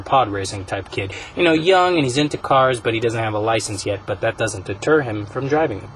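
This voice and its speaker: A man hosting a casual podcast, rambling through a story pitch with many fillers. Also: a little hiss or hum, poor audio. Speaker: podcast host.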